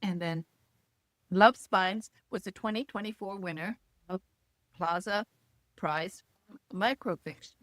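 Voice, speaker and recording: A woman's voice: mid-range voice, takes it slowly, pauses often, a bit bright, no echo. Woman, interview host, enthusiastic, gushing, dry sound. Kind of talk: chatty interview hosting. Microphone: video call.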